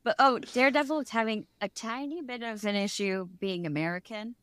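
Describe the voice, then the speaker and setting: A woman co-hosting a casual podcast, relaxed, with many fillers and quick agreeing interjections. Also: a little high, clean tone. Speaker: podcast co-host. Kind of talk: casual chat.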